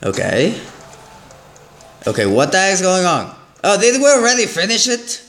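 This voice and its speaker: A man giving excitable let's play commentary as a gaming channel host, exclaiming and repeating himself. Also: high voice, normal speed, faint music behind. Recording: roomy echo.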